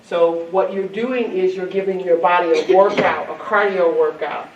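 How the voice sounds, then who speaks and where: A woman's voice: fairly low pitch, moderate pace, highs cut off. Woman keynote speaker, playful and coaxing with a youth audience; distant mic, roomy hall. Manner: lively, coaxing, quizzes the crowd. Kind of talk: interactive talk to a youth audience. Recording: echoey hall from far off, crowd.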